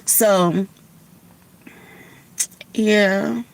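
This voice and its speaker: A tearful woman who has been crying speaks openly and from the heart to her livestream audience, swearing casually. Her mid-range voice is steady and gravelly with drawn-out words, and the audio is poor with a slight hiss or hum.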